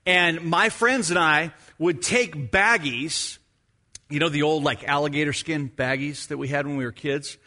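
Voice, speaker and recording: A middle-aged man preaching, weaving a personal story into his sermon. His voice sits high for a man and rings bright and forward. He tells it in an animated way, acting out his own moments as he goes. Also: measured pace. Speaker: pastor.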